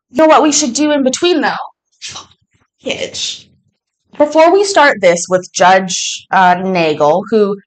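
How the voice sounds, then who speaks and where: A woman vlogging from home as she unboxes fan mail, gushing and quick to laugh. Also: fairly high pitch. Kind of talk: casual unboxing chat.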